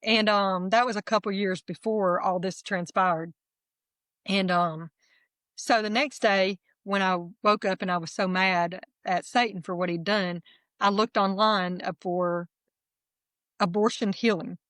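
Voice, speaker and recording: A middle-aged woman, candidly telling her personal testimony as a guest in a lively, self-deprecating way. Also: medium pitch, a little slow, no room sound.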